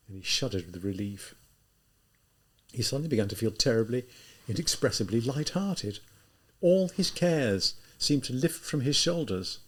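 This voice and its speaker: A man narrating a classic novel as an audiobook, in an expressive storytelling manner. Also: mid-range voice, moderate pace.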